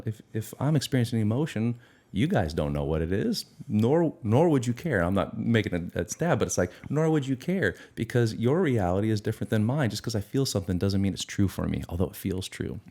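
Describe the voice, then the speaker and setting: Low, creaky, and darkish in tone, a middle-aged man answers interview questions as a guest expert on addiction recovery. He is earnest and reflective, at times voicing his inner dialogue aloud.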